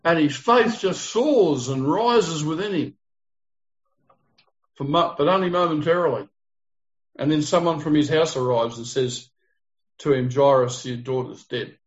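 A man's voice: on the high side, animated, measured pace, long pauses. A man leading an interactive Bible study, explaining the text earnestly and putting questions to his group. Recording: dull lo-fi recording.

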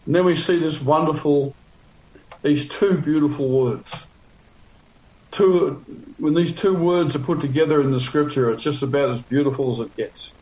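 A man's voice: a little high, a little slow, a little mellow, echoey room, lo-fi sound. A male pastor teaching a Bible passage in a sermon, conversational with frequent fillers, restarts and wry asides.

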